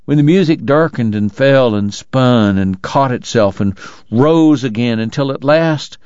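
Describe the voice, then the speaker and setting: A man reading an audiobook in a slow, measured, dramatic narration. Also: mid-range voice, animated, darkish tone, smooth, no room sound, highs cut off. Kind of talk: scripted narration.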